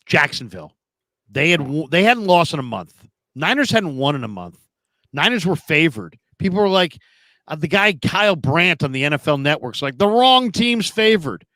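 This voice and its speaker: A middle-aged man hosting a sports call-in show, telling lively stories with acted-out quotes. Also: fairly high pitch, moderate pace, no echo. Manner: animated storyteller, acts out quoted voices. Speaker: sports talk show host.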